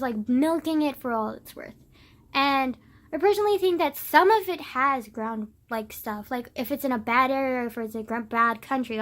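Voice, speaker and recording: A woman's voice: high-pitched, fairly bright tone. A young woman venting in a casual vlog, sarcastic and profane, packing her talk with "like". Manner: profane, sarcastic, filler-heavy with constant "like". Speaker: vlogger. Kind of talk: casual rant to camera. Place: suburban home.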